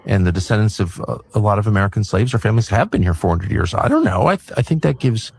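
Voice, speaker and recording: A man in a played clip, talking in a measured, hedging way as a guest in a conversation. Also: fairly low pitch, sing-song, gravelly, husky. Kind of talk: conversational talk.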